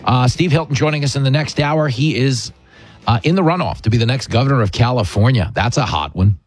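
A man's voice: mid-range voice, animated, brisk, dry recording, faint music behind. A man hosting a talk radio show, chatting in a sarcastic, mocking way. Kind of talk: opinionated talk radio chat.

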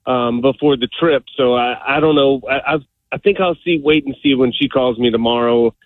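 A man's voice: mid-range voice, normal speed, no echo. A man calling in to a radio show, talking hesitantly with stammers. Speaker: caller. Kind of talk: phone call to radio show. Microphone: telephone. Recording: tinny phone line.

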